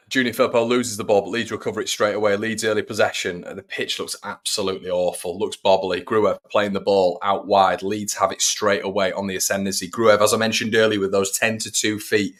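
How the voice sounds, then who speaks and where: Bloke doing a live match watch-along, lowish voice, chatty play by play, keeps talking to his viewers. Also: fairly bright tone. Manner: chatty, reads out viewers' messages between play-by-play. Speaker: fan channel host.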